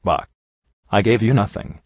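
A man's voice: on the low side, unhurried, no room sound, lo-fi sound. A man voicing a blunt young mare resting in a sickbed, answering with dry retorts.

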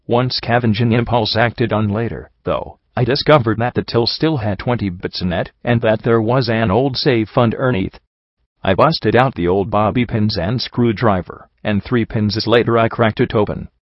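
A man with a low voice reads a first-person story aloud at an even, steady pace. The sound is dry, close and a little dull, with no room around it. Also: normal speed, no echo. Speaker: audiobook narrator. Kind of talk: scripted narration of a fan story.

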